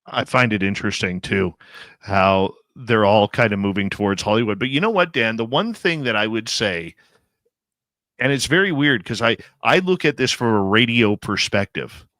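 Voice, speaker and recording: A man's voice: lowish voice, lively intonation, moderate pace, pushed and bright, dry recording. A man hosting a radio talk show, speaking in emphatic, opinionated bursts. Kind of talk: casual radio interview chat.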